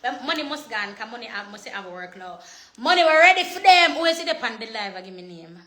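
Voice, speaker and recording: A woman's voice: mid-range voice, lively intonation, fairly quick, pushed and bright. A young woman chatting casually on a phone livestream, slipping into patois and laughing often. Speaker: social media personality.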